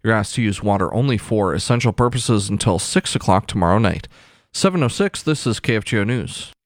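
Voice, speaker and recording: A man reading a radio newscast from the studio in a steady, clipped news delivery. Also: fairly low pitch, a little fast, dry recording. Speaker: news anchor. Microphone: studio mic.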